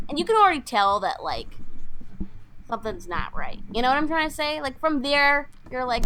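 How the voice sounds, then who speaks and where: A woman's voice: high voice, slight background noise. A young woman co-hosting a podcast, casually and animatedly retelling a film plot and acting out the characters' lines. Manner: animated, acts out characters' lines in quick put-on voices. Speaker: podcast co-host.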